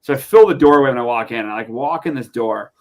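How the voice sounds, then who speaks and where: A young adult man from Montana, a podcast guest telling a story in a casual, animated way, full of fillers. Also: medium pitch, fast. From Montana, USA. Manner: animated, chatty, lots of fillers.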